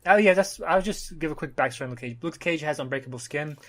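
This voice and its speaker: Man retelling a comic plot, halting. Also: fairly high pitch, fairly bright tone. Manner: retells the plot with frequent "uh" pauses. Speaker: podcast co-host summarizing a comic. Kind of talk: casual chat.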